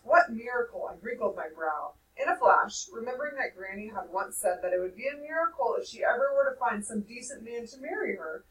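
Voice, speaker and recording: A woman teacher reading a novel aloud to her class in a measured, expressive way. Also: a little high, roomy sound, distant mic, poor audio.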